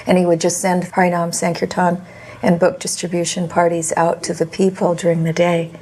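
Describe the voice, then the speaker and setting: A woman narrating past events in a steady, even way. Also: on the low side, a little fast.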